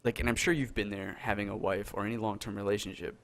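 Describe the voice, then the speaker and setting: Fast-talking earnest man on a podcast. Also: fairly low pitch, fairly even intonation. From North America. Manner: earnest, rambling, many restarts. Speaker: podcast co-host. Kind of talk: casual discussion over a call. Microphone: call recording.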